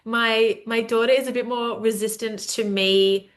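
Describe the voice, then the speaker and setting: A woman in her thirties hosting a casual podcast conversation over a video call, chatty and animated, laughing often as she tells stories. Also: fairly high pitch, unhurried. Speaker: podcast host.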